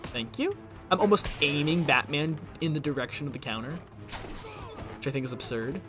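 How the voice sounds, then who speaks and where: A man's voice: fairly high pitch, brisk, music in the background. A young man streaming a video game, rambling casually and trying out voice impressions between moves. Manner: chatty, jumps between topics, tries voice impressions.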